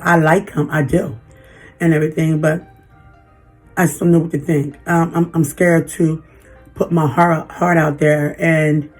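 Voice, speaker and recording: A woman in her fifties venting in a personal vlog, halting and emotional, holding back tears. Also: low voice, darkish tone. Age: 50s. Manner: emotional, halting, frequent restarts. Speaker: vlogger.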